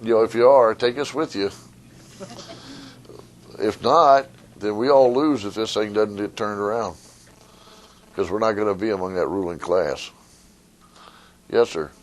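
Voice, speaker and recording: Low-voiced man giving a public talk. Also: unhurried, pauses often. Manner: conversational, retells a fable with rising animated voices. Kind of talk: public talk to a live audience. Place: meeting room with an audience.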